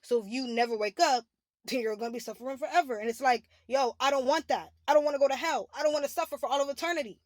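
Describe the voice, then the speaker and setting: A woman's voice: high-pitched, fast talker, no echo. A young adult woman in a candid, emotional confessional monologue, rambling with many restarts and "like" fillers. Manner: rambling, heavy use of "like", restarts. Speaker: spiritual vlogger.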